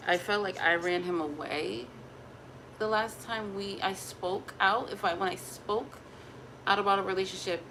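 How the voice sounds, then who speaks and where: A young woman talks straight to her viewers in a loose, chatty vlog, quick to laugh and animated. Her voice sits at a middle pitch, and a faint noise hangs behind her at home. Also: poor audio. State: pregnant. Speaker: vlogger. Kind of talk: casual chat to camera.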